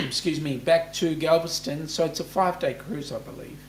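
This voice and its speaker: A man's voice: on the high side, moderate pace, sharp tone, a little hiss or hum. An Australian man hosting a casual live chat, reading out viewer comments and joking with them.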